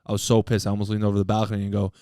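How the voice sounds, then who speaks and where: A man's voice: on the low side, monotone, very fast, no room sound, studio quality. A man co-hosting a casual podcast, telling a rowdy story with swearing. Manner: rowdy, swearing, shouts quotes. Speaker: podcast co-host.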